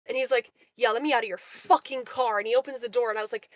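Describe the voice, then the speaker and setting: Bright, dry young woman telling a story. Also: on the high side, a little fast, no room sound. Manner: animated storytelling, quoting people in voices. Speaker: caller. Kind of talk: casual chat. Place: remote call into a livestream. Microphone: call audio.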